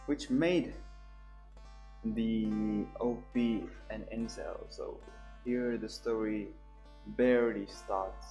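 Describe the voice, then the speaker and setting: A young man streaming a visual novel, reading its text aloud and reacting to it in an animated way. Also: takes it slowly, poor audio. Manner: animated, voices the dialogue lines higher and louder. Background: guitar music.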